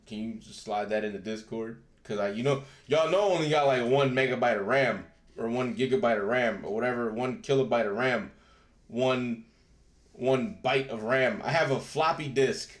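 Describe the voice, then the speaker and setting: A man hosting a live stream, chatting casually with viewers. He swears freely and laughs often. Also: medium pitch. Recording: roomy echo.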